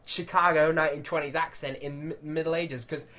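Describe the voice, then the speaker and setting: A man's voice: fairly high pitch, fairly even intonation, brisk, pushed and bright. A man hosting a film podcast, talking in a casual review chat, ranting and often laughing.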